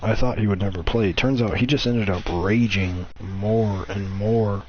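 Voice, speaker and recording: In an unhurried, fairly low voice with fairly even intonation, a young man streams and chats with a friend while reacting to old clips. His storytelling is profane and giggly, and the lo-fi audio is dull with a faint hiss.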